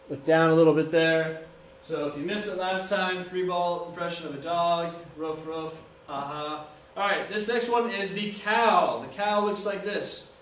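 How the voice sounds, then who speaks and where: A young man talks casually and jokes at his own expense while filming himself. His voice sits fairly high, and the room rings with strong echo, caught by a camera mic some distance away with a faint hiss. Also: fairly bright tone. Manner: joking, self-deprecating, chatty. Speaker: video maker. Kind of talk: casual self-filmed tutorial talk. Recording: echoey room from far off, faint noise.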